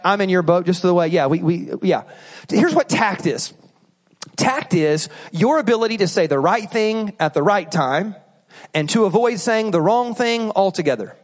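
High-ish voiced pastor guy preaching, jokey and lively, big echoey church hall. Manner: animated, joking, acts out bad apologies. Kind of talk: sermon. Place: church auditorium. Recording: long reverb of a large hall.

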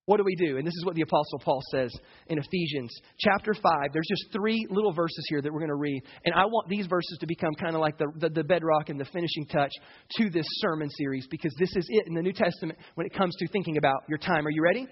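A man's voice: fairly high pitch, fast talker, breathy edge, dull audio. A man preaching a sermon as pastor, full of energy and asking the congregation questions.

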